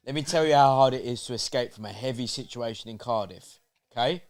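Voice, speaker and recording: A man's voice: mid-range voice, brisk, a crowd in the background. A man with a British accent, co-hosting a live boxing watchalong with joking, sweary banter. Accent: British English. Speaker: co-host. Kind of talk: casual fight watchalong banter.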